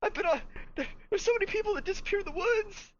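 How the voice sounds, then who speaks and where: A woman's voice: very high voice, fast, highs cut off, slight background noise. A woman voicing a nervous, paranoid teenage boy who rambles and stammers. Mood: anxious.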